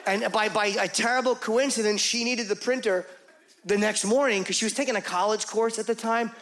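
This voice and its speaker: A man's voice: sits high, steady tone, a little fast, a bit bright. A man performing a stand-up comedy set on stage, confessional and self-mocking, acting out bits of dialogue in put-on voices. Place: comedy stage before a live audience.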